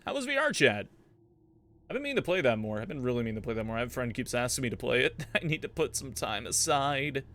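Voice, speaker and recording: A man streaming a game, chatting casually and warmly greeting viewers. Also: medium pitch, sing-song, fast.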